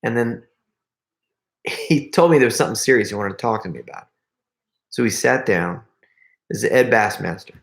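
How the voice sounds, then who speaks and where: A man's voice: fairly low pitch, lively intonation, normal speed, vocal fry, pauses often. A middle-aged man hosting a casual live stream, telling a story and reading out viewer comments, often restarting sentences and laughing as he talks.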